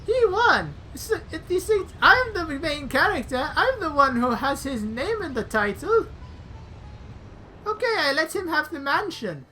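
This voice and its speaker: Lady doing a squeaky bright whiny cartoon plumber guy, put-on accent, grumbling about his brother. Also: sing-song, a little slow, soft background music, exaggerated voice, poor audio. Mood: indignant. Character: indignant male cartoon plumber, second-fiddle brother.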